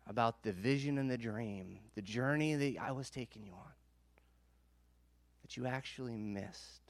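A man in his thirties giving a conversational sermon as a pastor, moving between hushed, slow passages and emphatic ones. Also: medium pitch, dry recording.

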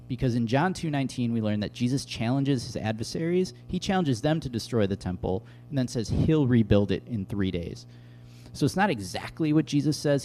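A young adult man giving a casual, conversational bible teaching, telling stories with lively asides. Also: lowish voice, slight background noise. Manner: conversational, animated storytelling with asides.

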